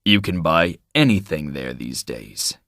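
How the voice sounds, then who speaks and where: A man voicing a brusque, jealous wealthy man in an audiobook, curt and forceful. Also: low-pitched, normal speed, no echo, studio quality. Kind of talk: audiobook character voice.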